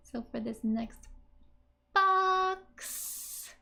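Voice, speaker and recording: A woman's voice: extremely high pitch, vocal fry, pushed and bright. A woman teaching a language lesson in a casual, chatty way, laughing often as she explains. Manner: giggly, chatty, frequent laughs. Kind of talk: casual lesson narration over screen.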